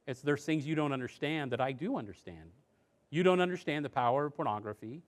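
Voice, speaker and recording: A man presenting a seminar on parenting and addiction to a live audience, talking conversationally with rhetorical questions and going soft and low on earnest points. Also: expressive, quick pace. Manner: conversational, rhetorical questions, acts out quoted voices.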